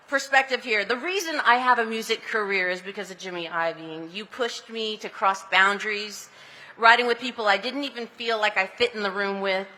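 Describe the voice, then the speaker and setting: A woman's voice: medium pitch, pushed and bright. Giggly woman speaking outdoors with echo. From Anaheim, California. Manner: chatty and giggly, with breathy laughs; tender and emotional in the thank-yous. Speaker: honoree giving a speech. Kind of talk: heartfelt acceptance speech. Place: outdoor street ceremony.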